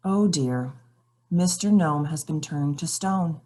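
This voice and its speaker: Slow, expressive woman reading aloud. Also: deep voice. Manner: expressive, questioning the characters. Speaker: read-aloud storyteller. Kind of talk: children's picture book read-aloud.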